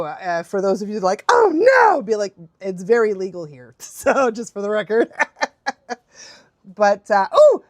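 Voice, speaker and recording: A woman, a dog trainer chatting casually on a livestream Q&A. She laughs often and acts out quotes in high, playful voices. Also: no echo.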